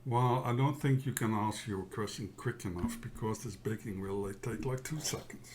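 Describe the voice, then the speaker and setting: A man teaching a software tutorial in a casual, halting way, often checking in with "yeah?". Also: fairly low pitch. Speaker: tutorial instructor. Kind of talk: casual screen-share tutorial.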